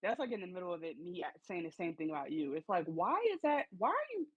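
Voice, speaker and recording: A woman's voice: lowish voice, big pitch swings, quick pace, husky, no echo, phone-quality sound. A woman co-hosting a podcast, reacting to a TV episode with incredulous, emphatic commentary. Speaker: podcast co-host. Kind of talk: casual TV recap chat.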